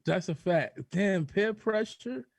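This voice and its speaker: A man's voice: high-pitched, slow pace, creaky, dry recording, studio quality. A man co-hosting a casual podcast, laughing often and chiming in with short replies. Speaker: podcast co-host. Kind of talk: casual chat.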